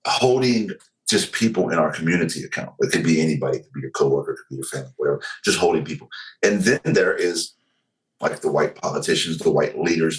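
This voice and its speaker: A man's voice: a bass voice, rough recording. A man talking earnestly as a podcast guest, building his point with analogies and many fillers. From United States. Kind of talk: casual podcast conversation.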